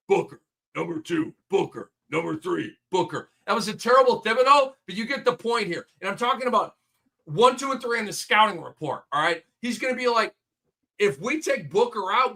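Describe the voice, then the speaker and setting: A man's voice: high voice, pushed and bright. A man hosting a casual sports betting chat, talkative and emphatic. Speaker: host.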